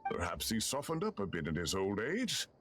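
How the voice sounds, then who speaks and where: Older gardening professor: fussy, lecturing, very animated delivery over music. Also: male voice, fairly low pitch, moderate pace. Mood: genial.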